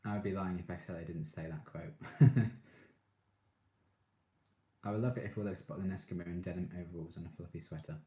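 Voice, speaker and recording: A deep-voiced man hosts a relaxed live stream, chatting with viewers and getting excitable as a fan. He laughs often between comments. The sound carries a roomy echo. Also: a little fast, long pauses. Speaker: live streamer reading chat. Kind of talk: casual live-stream chat.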